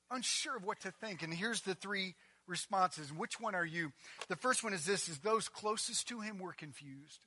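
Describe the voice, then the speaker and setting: High-voiced, bright, impassioned male preacher. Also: moderate pace, no room sound. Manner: impassioned, rises to near-shouting on emphatic passages. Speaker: pastor. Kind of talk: sermon.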